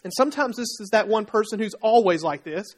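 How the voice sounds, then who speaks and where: A man preaching a sermon as pastor, telling everyday stories in a lively way, acting out the voices of people in them and asking his listeners questions. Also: high voice, brisk. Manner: animated storytelling, acting out quoted voices; conversational, asks the congregation questions.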